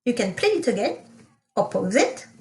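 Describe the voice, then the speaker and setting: A woman teaching a recorded lesson, sounding out model sentences slowly and carefully. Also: a little high, big pitch swings. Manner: slow, careful enunciation of French model sentences. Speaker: French teacher. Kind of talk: recorded remote language lesson. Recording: echoey room.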